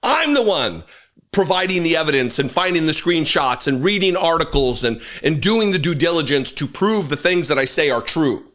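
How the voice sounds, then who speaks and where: A man rants through his own political commentary show, his pitch leaping all over the place. His voice is bright and forceful, and he talks with blunt, profane anger and quick asides. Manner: angry, animated, swearing, quick asides.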